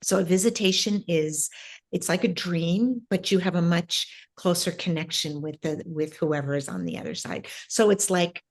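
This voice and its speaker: A woman guest in an interview, telling a personal spiritual story in a reflective, halting way with many pauses and fillers. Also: lowish voice. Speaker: interview guest, ancestral healer.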